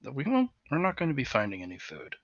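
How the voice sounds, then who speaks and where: A man voicing a grim, wary veteran monster hunter who speaks low, quiet and threatening. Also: wildly swooping pitch, fast talker, no room sound, highs cut off, heavily acted.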